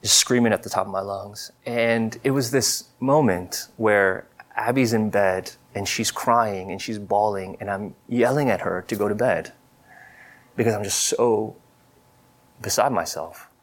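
Man preaching a testimony, lowish voice, halting, earnest, confessional. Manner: halting, many fillers and restarts. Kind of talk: personal testimony in a sermon.

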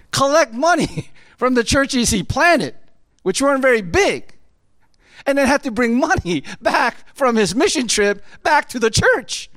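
A man's voice: very high voice, no room sound. A man preaching a sermon in a conversational way, often checking in with his listeners by asking "right?". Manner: animated, conversational preaching with constant "right?" tag questions. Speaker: pastor.

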